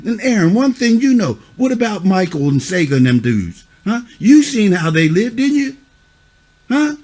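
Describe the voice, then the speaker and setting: High-pitched man scolding kids bluntly. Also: sing-song, normal speed, darkish tone. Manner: scolding, repeats "huh?" and "you see what I'm saying"; blunt, curses. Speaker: youth mentor. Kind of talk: stern lecture to children.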